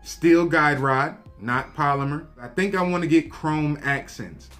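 A man with a slightly higher voice, chatting in a loose, slangy way as he shows off a handgun to his viewers. Soft music plays faintly underneath. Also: a little slow. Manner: laid-back, slangy, talks to viewers directly. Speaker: gun review vlogger. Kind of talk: casual show-and-tell review.

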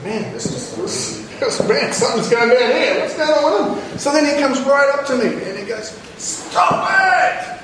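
A New Zealand man speaking as a children's author to a school audience, lively and joking as he acts out a story. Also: very high-pitched, normal speed, hardly any pauses, crowd noise. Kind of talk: storytelling talk to students. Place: large school hall. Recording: echoey hall, mic far off, noisy.

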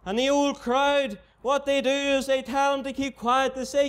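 A Northern Irish man preaching a gospel sermon in a mission tent. His voice sits very high and holds a flat, even line. He repeats his appeals to the unbeliever with steady earnestness. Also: moderate pace, hardly any pauses.

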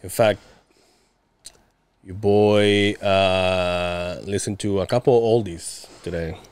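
A man's voice: low-pitched, steady tone, takes it slowly, a little mellow, smooth. A young adult man co-hosting a podcast in casual chat, rambling and swearing, laughing often. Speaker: podcast co-host.

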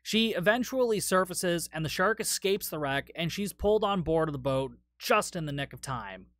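A man's voice: a little high, animated, normal speed, a bit bright, no room sound. A man hosting a solo podcast, recapping a movie in a casual, rambling, profane way, tired after a long day. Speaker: podcast host.

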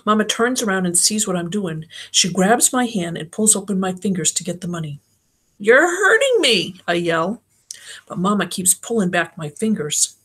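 A woman's voice: lowish voice, normal speed, fairly bright tone, breathy edge. A woman reading a novel aloud as an audiobook, narrating in the first person. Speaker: audiobook reader.

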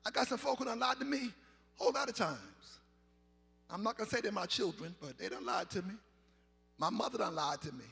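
A man, a pastor preaching a sermon in a chanting, sing-song style that builds to shouts, recorded live in a large church. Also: sits high, fairly quick, vocal fry. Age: 50s. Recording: live church recording with long reverb and faint organ.

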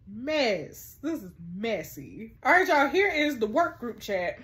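A woman's voice: high-pitched, very animated, takes it slowly, few pauses, a bit bright. A young adult woman chatting to her viewers as she plays a story game and reads its text messages aloud. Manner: chatty, exclaiming, addresses viewers as "y'all". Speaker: gaming YouTuber.

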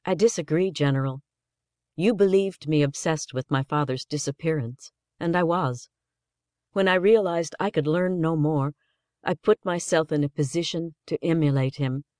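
A man voicing a determined woman starship captain who speaks gently and measuredly, raising his pitch for her. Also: moderate pace, no room sound, clean studio sound, close to an everyday voice. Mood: resolute.

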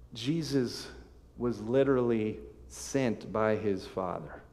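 A man preaching a sermon as pastor, reading scripture aloud with emphatic swells and sudden soft drops. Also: on the low side. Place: church sanctuary. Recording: long hall reverb.

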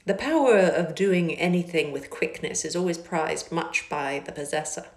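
A proud, reserved young gentleman who speaks in a low, quiet, clipped way, as a woman reads him in an audiobook. Her voice sits a little low for a woman, and the echoey car around her adds a boxy ring. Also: moderate pace. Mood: cool.

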